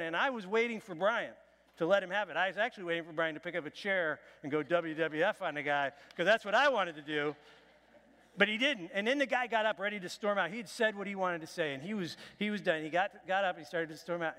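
A man's voice: sits high, fairly bright tone, big-room sound. A male pastor giving a conversational, self-deprecating sermon in a church. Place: church sanctuary.

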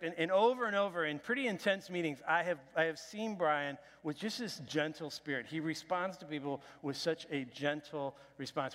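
A man's voice: on the high side, a bit bright, in a large hall. A male pastor giving a conversational, self-deprecating sermon in a church. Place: church sanctuary.

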